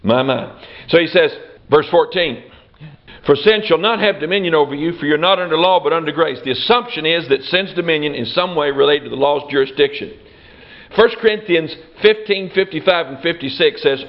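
A man preaching a sermon, repeating his phrases and slowing down for emphasis. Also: fairly high pitch, dull audio.

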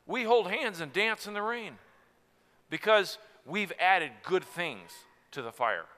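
A man preaches in an earnest style, dropping to a hush and then rising again. His voice is bright and sits a bit high. It rings with the long reverb of a big hall. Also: expressive, slow pace. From Tennessee. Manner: earnest, swings from soft to loud. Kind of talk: sermon on marriage.

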